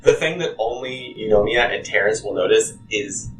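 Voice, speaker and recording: A man calmly describing his character's condition as a player in a tabletop game. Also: fairly low pitch, normal speed, slight background noise. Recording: echoey room, far from mic.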